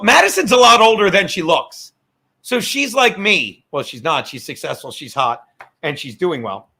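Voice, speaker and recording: High bright rambling profane male host. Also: vocal fry. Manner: rambling, profane, laughs a lot, drinking on air. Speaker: podcast host. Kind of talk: casual profane chat.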